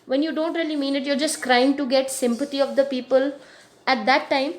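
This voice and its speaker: A woman's voice: sits high, fairly even intonation, fairly quick. A woman reading a storybook to children as a teacher, patiently explaining each hard word and repeating phrases.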